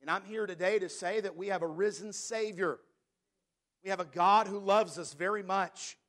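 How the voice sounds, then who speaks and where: A man preaching a sermon as pastor, reading scripture slowly and stressing key words. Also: sits high, a bit bright. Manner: preaching, reads scripture in King James wording, slows for emphasis.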